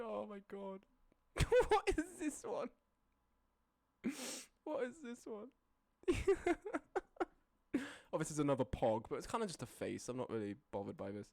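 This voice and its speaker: A streamer casually ranking images, often breaking into high laughing fits and then dropping into low, sweary mutters. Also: gravelly, a little mellow, no room sound, studio quality. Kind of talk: casual live-stream commentary.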